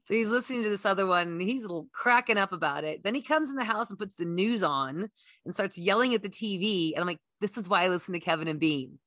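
A woman's voice: medium pitch, lively intonation, quick pace, fairly bright tone, no echo, studio quality. A woman co-hosting a podcast, chatting and telling anecdotes casually. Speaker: podcast co-host. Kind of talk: casual chat.

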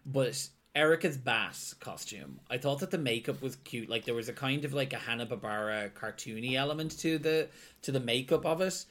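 A man co-hosting a casual podcast chat, talking in quick bursts with many restarts and frequent laughs. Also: mid-range voice, animated, a bit bright. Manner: chatty, hesitant restarts, laughs often. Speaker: podcast co-host.

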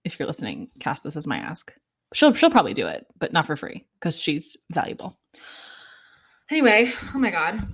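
A young woman rambling through her own casual podcast, chatty and exasperated, breaking into laughs and the odd swear. Her voice sits a little low for a woman. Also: fairly bright tone, slightly rough. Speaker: podcast host.

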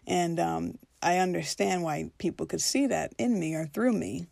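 A woman's voice: lowish voice, normal speed, creaky, few pauses, darkish tone, dry recording, clean studio sound. A woman telling a personal spiritual story in an earnest, reflective way, now and then acting out her own past reactions.

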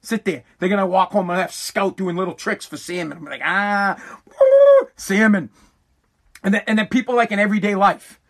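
Middle-aged guy with a high voice, ranting and cussing, gets loud and worked up. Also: a little fast. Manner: animated, profane, rising to shouting. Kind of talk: profane comedic rant.

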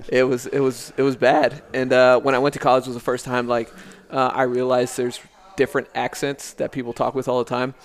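A man's voice: medium pitch, flat delivery, brisk. A man from El Paso, a podcast guest, chatting in a laid-back, blunt way and swearing casually. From El Paso, Texas. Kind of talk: casual chat.

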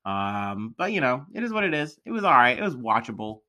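A man's voice: medium pitch, big pitch swings, brisk, bright, forceful tone. A young man from the American Midwest hosting a casual solo podcast, rambling and chatty with many fillers. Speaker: podcast host.

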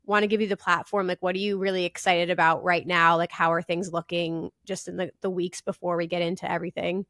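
A woman from New Jersey hosting a podcast, chatty and encouraging with quick replies. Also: fairly low pitch, little pitch movement, a bit bright, no echo, studio quality. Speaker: podcast host. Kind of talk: casual podcast interview.

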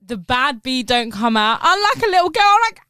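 A woman's voice: sits high, sing-song, normal speed, sharp tone, clear, resonant tone, no echo. A young woman co-hosting a casual chat, giggly and chatty, slipping into playful voices.

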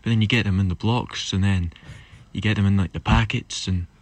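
A man's voice: fairly low pitch, fairly even intonation, a little fast, no room sound. A man with a Scottish accent leaving a rambling, casual voice message, musing aloud and teasing. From Scotland. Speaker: listener sending a voice message.

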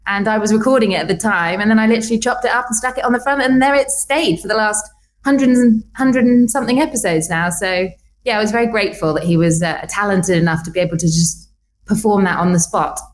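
Fast-talking woman podcast guest. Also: medium pitch. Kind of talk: casual interview chat.

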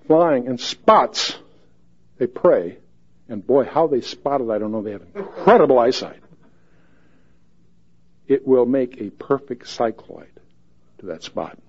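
A man's voice: mid-range voice, big pitch swings, measured pace, pauses often, husky, dull audio. A man giving a verse-by-verse Bible teaching in a folksy, joking way, reading scripture aloud with rising emphasis.

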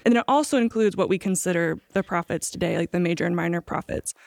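Woman calmly explaining on a podcast. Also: fairly low pitch, fast talker, vocal fry, dry recording, studio quality. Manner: steady, informative explaining. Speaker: podcast co-host. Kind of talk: casual podcast discussion.

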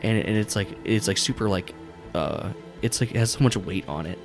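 A man's voice: on the low side, brisk, gravelly, over music. A man narrating as game master in a tabletop game, rambling with lots of fillers and swearing.

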